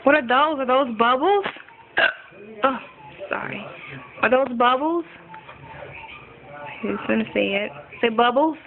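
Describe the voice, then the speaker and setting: A woman's voice: high-pitched, measured pace, pauses often, background noise. A young mother coaxing her toddler to name animals and say words, making animal sounds, recorded on a phone. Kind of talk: casual baby talk at home. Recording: tinny phone recording with music behind.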